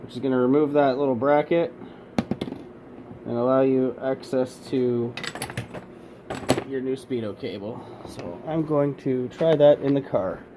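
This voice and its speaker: A man's voice: mid-range voice, measured pace, long pauses, noisy background. A man doing a casual how-to while working on a car in a workshop, rambling and correcting himself, breathing heavily from the work, recorded alone on a set-up camera. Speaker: home mechanic demonstrating a repair. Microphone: camera set up alone with no operator.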